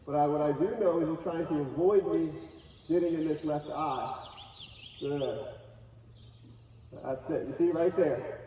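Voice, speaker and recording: Calm man coaching from far off. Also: fairly high pitch, a little slow, pauses often, slight background noise. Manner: calm, coaxing, talks to horse and audience in turns. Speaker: horse trainer leading a clinic. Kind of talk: live teaching demonstration. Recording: distant, echoey, dull outdoor recording.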